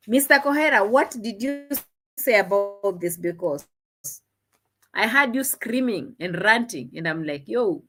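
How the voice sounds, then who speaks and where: Woman commentator, unhurried, animated pitch, scolding and rhetorical. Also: vocal fry. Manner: scolding, rhetorical questions, dramatic repeats. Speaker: commentary vlogger. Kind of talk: opinionated commentary.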